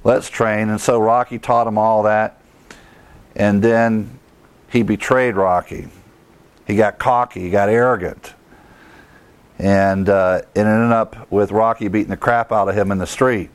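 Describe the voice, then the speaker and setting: A man's voice: steady tone, a little slow, long pauses, clear, resonant tone. Emphatic male preacher in a sermon. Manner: emphatic preaching, rising to higher pitch, with chuckles. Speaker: pastor.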